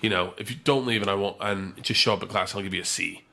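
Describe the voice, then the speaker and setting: A man quoting a nervous young female language teacher, speaking in a slow, hesitant, pleading way. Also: lowish voice, vocal fry, bright, forceful tone, voice pushed down, heavily acted.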